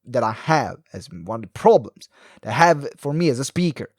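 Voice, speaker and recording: A man hosting a solo live video talk for entrepreneurs, animated and fast-talking, swinging his pitch and pace, with many ums and uhs. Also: dry recording, clean studio sound. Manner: animated, varies pace and pitch with frequent fillers. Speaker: podcast host. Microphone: close mic, live video stream.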